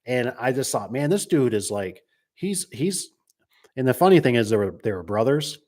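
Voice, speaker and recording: A man's voice: mid-range voice, big pitch swings, normal speed, a little mellow. A man who installs garage doors, telling rambling work stories in a casual, chatty way, with "right?" and "you know" scattered through.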